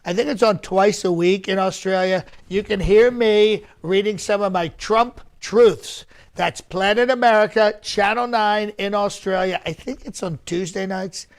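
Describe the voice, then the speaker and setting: A man's voice: high-pitched, a little slow, few pauses, smooth. A male comedian impersonating a boastful, rambling older male politician at a mock press conference, repeating himself and bragging. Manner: bragging, repetitive, rambling asides. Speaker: comedian doing an impression.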